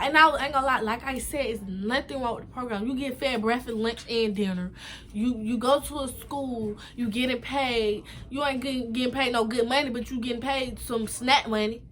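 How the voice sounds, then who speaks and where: High bright-voiced young woman telling a story. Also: a little fast. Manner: animated, emphatic slangy storytelling. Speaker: vlogger. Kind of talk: story time vlog.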